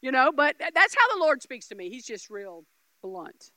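A middle-aged woman preaches with a very high, bright voice, stressing words and doubling back on herself. She jumps from shouted lines to hushed asides. The sound is close and dry. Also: very animated, normal speed, no echo. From Oklahoma, US. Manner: emphatic, repeats words, swings from loud shouts to quiet asides. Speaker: guest preacher. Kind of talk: Pentecostal sermon.

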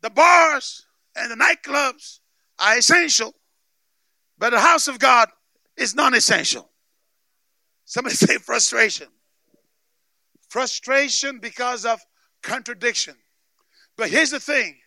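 A man preaching a sermon with emphatic call-and-response, often shouting for emphasis. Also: very high-pitched, a little slow, gravelly, long pauses, dry recording. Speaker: pastor.

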